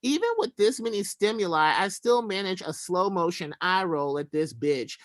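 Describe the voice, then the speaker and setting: A man reading his own prose aloud in a wry, deadpan way. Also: sits high, moderate pace, dry recording. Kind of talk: literary reading.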